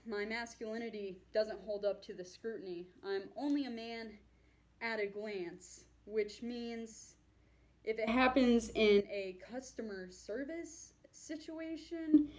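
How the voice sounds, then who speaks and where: A woman's voice: medium pitch, a little mellow. A woman performing a stand-up comedy set on stage, with a dry, self-deprecating delivery. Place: on stage before an audience.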